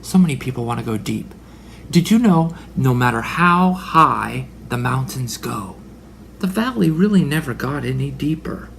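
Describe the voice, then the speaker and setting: A man's voice: medium pitch, expressive, moderate pace, vocal fry, fairly bright tone, a little hiss or hum. A man in his forties delivering a religious monologue, dramatic, sometimes dropping into whispered asides. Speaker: religious speaker. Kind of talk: preaching monologue.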